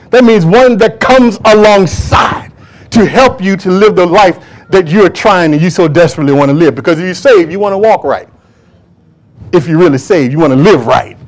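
A male pastor with a high-pitched voice preaching in church with fervent energy. He repeats his phrases for emphasis and keeps asking the congregation questions as he drives his points home. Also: normal speed. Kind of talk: preaching a sermon.

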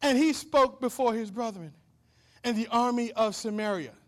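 A man's voice: very high voice, moderate pace. A man pastor preaching a fervent sermon, repeating phrases and calling out to his congregation.

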